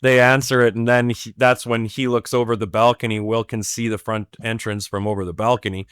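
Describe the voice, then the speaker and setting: Guy rambling through a movie plot on a podcast, mid-pitch voice, dry sound. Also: little pitch movement, brisk, a bit bright, clear, resonant tone, dry recording. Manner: rambling, filler-heavy plot retelling. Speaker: podcast guest. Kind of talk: casual film recap chat.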